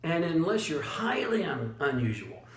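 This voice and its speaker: A man giving a motivational talk as a leadership coach, blunt and emphatic, chuckling often and using dramatic pauses. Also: fairly high pitch, big pitch swings, reverberant. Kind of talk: motivational monologue.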